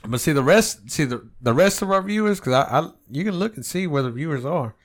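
A man hosting a podcast in casual chat, swearing a lot and animated, slipping into mocking impressions. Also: fairly high pitch, a little fast. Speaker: podcast host.

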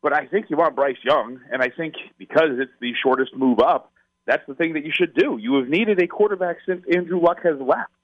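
A man's voice: a little high, fairly quick, no echo. Man, radio guest, opinionated, emphatic, dry sound, slightly muffled line. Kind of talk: sports talk radio interview.

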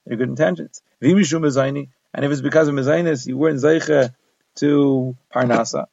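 A man's voice: mid-range voice, steady tone, fairly quick, gravelly, darkish tone, no echo. A man giving a Talmud lesson, translating the Aramaic phrase by phrase into plain English. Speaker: Talmud teacher. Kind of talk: daf yomi Talmud lesson. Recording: dull lo-fi dry recording.

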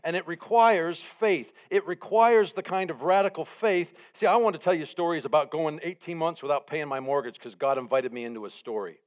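A man preaching a sermon as guest speaker, telling a story with lively acted-out quotes and building repeated phrases. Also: a little high, a little fast, hardly any pauses. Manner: animated storytelling, acts out his own panic and quotes.

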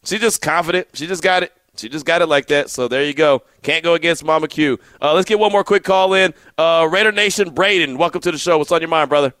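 A man hosting a sports call-in radio show, telling lively stories and laughing easily. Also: fairly high pitch, quick pace, hardly any pauses, dry recording.

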